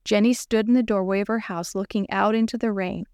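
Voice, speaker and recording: A woman reading a children's story aloud, gently expressive and voicing the characters. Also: mid-range voice, a little fast, no echo, clean studio sound.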